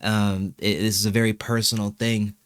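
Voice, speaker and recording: Halting young man, low dry voice. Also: flat delivery, dry recording. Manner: halting, with many fillers and restarts. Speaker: musician and channel host being interviewed. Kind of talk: emotional personal interview.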